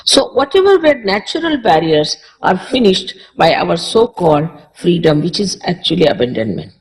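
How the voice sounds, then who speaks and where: Lively Indian-accented woman giving a spiritual talk. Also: on the low side, normal speed, low-quality recording. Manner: conversational, repeats short phrases for emphasis. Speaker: spiritual teacher. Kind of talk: public spiritual lecture.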